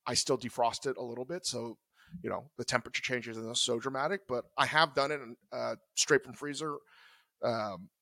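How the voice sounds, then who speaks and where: A man's voice: mid-range voice, steady tone, moderate pace, creaky, sharp tone, no room sound. A man co-hosting a podcast, talking in a loose, rambling, conversational way. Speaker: podcast co-host. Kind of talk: casual chat.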